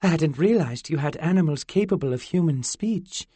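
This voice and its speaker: A man's voice: on the high side, expressive, normal speed, warm tone, husky, no room sound, voice pushed up. A male narrator voicing a haughty, curious fairy girl with a British accent and formal, old-fashioned phrasing. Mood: suspicious.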